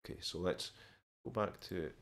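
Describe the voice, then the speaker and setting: Taking viewer questions one by one, a live streamer from Scotland speaks in a very deep voice during a casual chat. He teaches English and studies Korean, and his easygoing delivery is full of pauses and restarted sentences.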